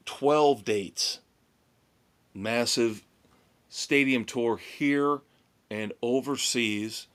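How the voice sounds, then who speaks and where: A man's voice: mid-range voice, a bit bright. A man hosting a rock podcast, running through tour news in a chatty, opinionated way. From United States. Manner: chatty, opinionated, drawn-out delivery. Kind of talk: casual music news rundown.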